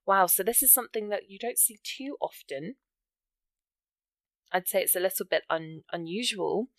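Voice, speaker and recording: A woman's voice: mid-range voice, no room sound. A woman teaching English writing for an exam, walking through example sentences step by step in an encouraging way. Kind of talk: explaining writing exam grammar.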